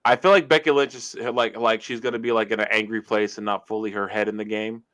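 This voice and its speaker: A man co-hosting a live podcast in casual chat, excitable and tripping over his words with frequent restarts. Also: on the low side, quick pace. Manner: excitable, stammers and restarts often. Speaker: co-host of a wrestling podcast.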